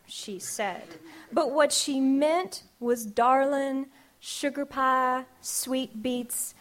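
A woman poet, reading her poems aloud live in a wry, unhurried way. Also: on the high side. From Kentucky. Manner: wry, unhurried, drawn-out vowels in the verse.

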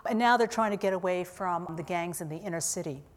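A woman's voice: fairly low pitch, fairly quick. Woman author reading in an echoing hall. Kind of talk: reading from her novel. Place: university auditorium.

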